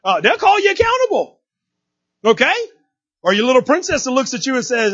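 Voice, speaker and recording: A man preaching a sermon in a folksy, animated way, often checking in with the congregation. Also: high voice, a little fast, highs cut off. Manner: folksy, animated preaching with frequent "right?" asides. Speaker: pastor.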